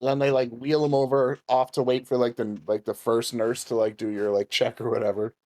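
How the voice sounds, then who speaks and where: A man's voice: medium pitch, flat delivery, brisk, darkish tone. A man co-hosting a podcast, telling a long story in a casual way, laughing often and swearing freely. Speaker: podcast co-host.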